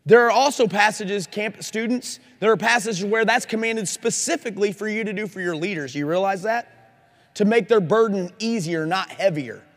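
At a Christian conference, a man preaches with earnest, challenging energy, putting direct questions to his listeners. His voice is high-pitched and fairly bright, moving at a normal speed. It's a live recording that echoes through a reverberant conference hall.

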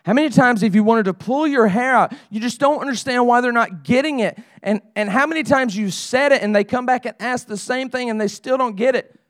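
A man's voice: very high-pitched, fairly quick, no room sound, studio quality. A middle-aged man preaching a sermon to leaders in a conversational way that rises into emphatic pleading. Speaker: pastor.

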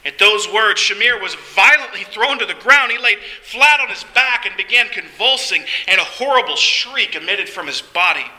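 Bright, high-voiced male storyteller. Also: animated, poor audio. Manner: earnest, dramatic storytelling with vivid pauses. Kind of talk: first-person scripted narration.

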